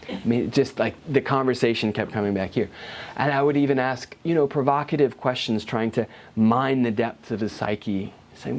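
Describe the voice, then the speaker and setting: A man's voice: medium pitch, normal speed. A man, a health practitioner, telling a story to a small group in a conversational manner and acting out dialogue. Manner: conversational, acts out dialogue, asides to listeners.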